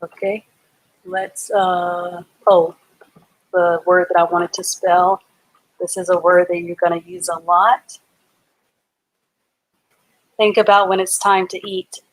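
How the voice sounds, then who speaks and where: Female literacy teacher for a live class. Very slow, patient delivery, sounds out letters and syllables. Dry, close recording. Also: lowish voice, level tone, no echo. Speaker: reading teacher. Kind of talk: live online reading lesson.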